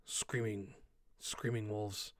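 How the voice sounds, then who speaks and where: A man voicing a slow, dim-witted male orc guard who mutters in confused, halting grunts. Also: on the low side, level tone, no echo.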